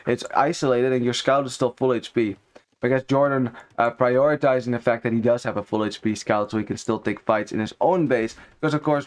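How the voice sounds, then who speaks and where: Chatty male strategy-game caster. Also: mid-range voice. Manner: chatty, analytical, explains mechanics as he goes. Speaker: esports caster. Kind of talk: live strategy-game commentary.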